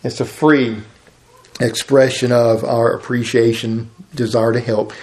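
Folksy preacher in an echoey room. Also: male voice, mid-range voice, level tone, measured pace, a little mellow. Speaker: pastor. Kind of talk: sermon.

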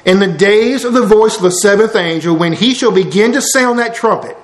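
A preacher with a notably high voice reads scripture aloud and breaks in with homespun explanations. His delivery is casual and conversational, drifting now and then from the mic. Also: normal speed, low-quality recording. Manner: folksy, explains verses line by line with asides. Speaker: preacher teaching a Bible study. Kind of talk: sermon.

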